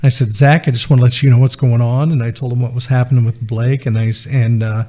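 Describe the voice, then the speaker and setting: As a guest on a podcast, a man earnestly recounts a personal story, reconstructing dialogue packed with "he said" asides. He speaks fast in a mid-range, mellow voice with a level tone.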